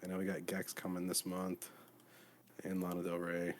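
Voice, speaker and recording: A man co-hosting a podcast in relaxed, casual chat, full of fillers. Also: deep voice, moderate pace, a little hiss or hum. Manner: laid-back, many fillers. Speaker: podcast co-host.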